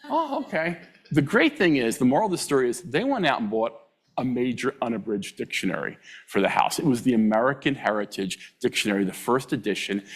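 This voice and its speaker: A middle-aged man giving a public lecture, telling humorous anecdotes, chuckling and acting out quoted voices with sudden jumps in pitch. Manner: draws out foreign words slowly for the audience to repeat.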